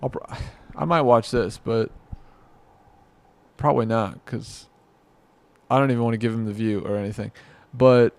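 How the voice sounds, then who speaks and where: A man's voice: mid-range voice, steady tone, normal speed. A man giving rambling, exasperated reaction commentary, muttering to himself and mocking what he watches. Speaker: commentary vlogger.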